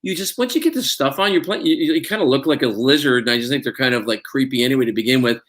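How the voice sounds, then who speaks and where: A man's voice: mid-range voice, fast, a bit bright. Rambling, laughing male actor guest. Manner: rambling, many fillers and restarts, laughs often. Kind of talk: casual interview chat.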